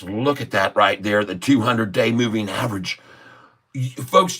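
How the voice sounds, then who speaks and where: A man's voice: on the low side, fairly bright tone. A middle-aged man hosting a live stock-trading stream, chatting casually, laughing often and reading viewer comments aloud. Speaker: livestream stock trading host. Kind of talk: casual livestream chat with viewers.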